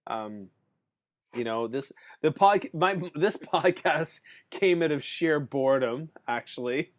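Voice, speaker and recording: A man's voice: on the high side, lively intonation, a little slow. A male podcast host in casual chat who rambles, fills his talk with "um" and "like", and laughs often. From Canada.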